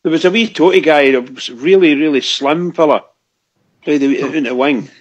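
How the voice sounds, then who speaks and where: Give me a husky Scottish man hosting football fan radio, chatting eagerly over an online call. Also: on the high side, normal speed, highs cut off. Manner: chatty, enthusiastic, reminiscing. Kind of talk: casual football chat. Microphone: online group call.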